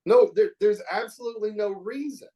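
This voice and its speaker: A man's voice: sits high, fairly quick, mellow. Earnest middle-aged man from Oklahoma. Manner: earnest, reflective, emphatic. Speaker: hair educator guest. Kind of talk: podcast interview chat.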